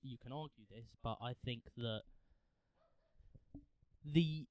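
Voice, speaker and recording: A man's voice: medium pitch, takes it slowly, no echo. A young man hosting a podcast, thinking aloud in a reflective way, with frequent restarts as he works through his ideas. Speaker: podcast host. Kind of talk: casual podcast chat.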